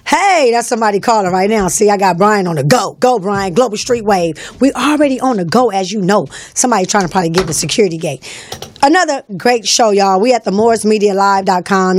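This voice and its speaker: A woman hosting a live call-in show, talking in a bossy, teasing, slangy way into a studio mic. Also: medium pitch. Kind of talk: casual live-stream talk. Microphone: studio microphone.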